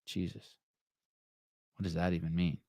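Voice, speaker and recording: Low-voiced, profane, rambling male podcast host. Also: flat delivery, normal speed, gravelly, mellow, no room sound, clean studio sound. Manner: profane, rambling, self-mocking, with many stammered restarts. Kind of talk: casual live-stream chat, reading viewer comments.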